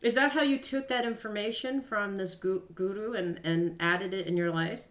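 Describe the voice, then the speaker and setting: A woman's voice: medium pitch, moderate pace, a bit bright. A woman hosting an interview, chatty and full of fillers. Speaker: interview host. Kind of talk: casual interview. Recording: roomy and dull, lo-fi.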